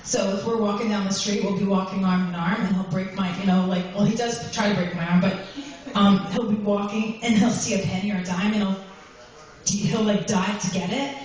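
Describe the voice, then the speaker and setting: A woman's voice: medium pitch, fairly even intonation, fairly quick, a little mellow. A woman doing a stand-up comedy set on a club stage, talking in a rambling way with many ums and likes. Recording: echoey room, far from the mic, faint noise.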